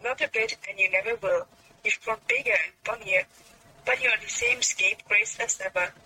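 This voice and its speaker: A woman reading aloud as Jo, a frank, teasing young woman with a brisk scolding manner. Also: mid-range voice, big pitch swings, bright, forceful tone, slight background noise, exaggerated voice, poor audio.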